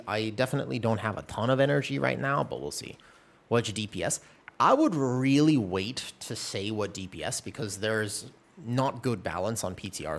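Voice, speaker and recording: A man's voice: medium pitch, creaky. Laid-back male game streamer chatting. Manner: relaxed, rambling, self-deprecating. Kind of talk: casual live-stream chat while gaming. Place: home room.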